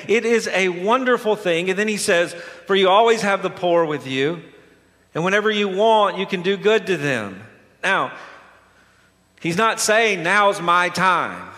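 A man's voice: sits high, fairly bright tone, in a large hall. A man preaching a sermon as pastor, dramatic and storytelling, acting out the voices in the story. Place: church sanctuary.

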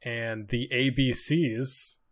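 A man's voice: medium pitch, steady tone, takes it slowly, fairly bright tone. A man co-hosting a casual podcast chat, teasing playfully and laughing as he talks. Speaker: podcast co-host.

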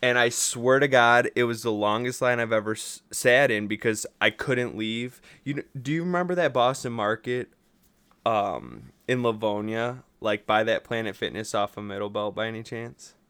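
A man hosts a laid-back podcast, grumbling through stories and swearing without a second thought. His voice is clear and smooth, sitting at an ordinary pitch. The sound is dry and close, with no room in it. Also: moderate pace, fairly bright tone, no room sound. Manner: venting storyteller, swears freely. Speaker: podcast host. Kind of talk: casual chat.

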